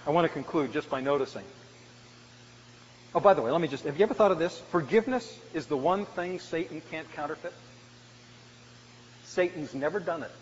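A man preaching a sermon as a pastor, swinging from loud emphatic lines to hushed, quiet ones. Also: a little high, a little fast, pauses often. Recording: dull, lo-fi church recording with long reverb and faint noise.

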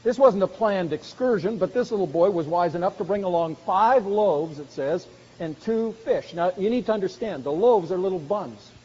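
High-voiced preacher in a reverberant hall. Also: male voice, lively intonation, normal speed, a little mellow. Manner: earnest, rising to emphatic exhortation. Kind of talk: sermon. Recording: dull sound with long hall reverb.

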